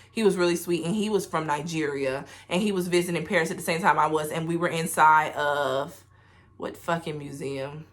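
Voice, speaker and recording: A woman's voice: on the low side, a bit bright. A woman, casually telling travel stories to her camera in a candid, profane, chatty way. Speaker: travel vlogger.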